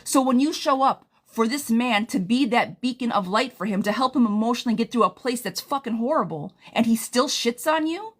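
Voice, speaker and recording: A fairly high-voiced woman reads tarot on a live stream. She talks straight to her viewers, blunt and profane, and swings between tough love and reassurance. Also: a bit bright. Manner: blunt, profane, impassioned advice. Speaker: tarot reader.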